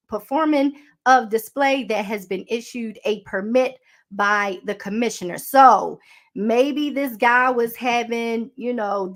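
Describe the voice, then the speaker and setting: A woman with a Baltimore accent hosting a podcast, chatting casually and reading a law aloud, sassy and calling listeners honey. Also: on the high side. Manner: chatty and sassy, calls listeners honey, stumbles over words. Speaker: podcast host.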